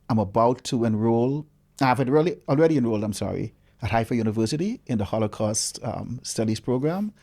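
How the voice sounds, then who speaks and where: A man, a guest researcher telling a story in a casual interview with lively, dramatic delivery. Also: mid-range voice.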